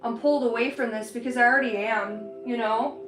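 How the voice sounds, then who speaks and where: High-pitched woman rambling to her stream while painting, roomy sound, soft music behind. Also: fairly even intonation, a little fast. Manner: chatty, rambling, laughs often. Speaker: livestreaming artist. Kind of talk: casual chat while painting. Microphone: streaming setup. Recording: roomy with faint background music.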